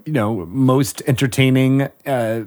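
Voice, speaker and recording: A man's voice: medium pitch, fairly even intonation, a little slow, darkish tone. A man hosting a podcast in casual chat, friendly and rambling with many fillers. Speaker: podcast host.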